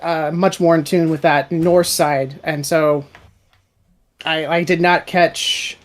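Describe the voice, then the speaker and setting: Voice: medium pitch, fairly even intonation, slow pace. An audio drama creator talking casually about their casting choices, rambling and often restarting sentences. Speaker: audio drama writer and director. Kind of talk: casual chat.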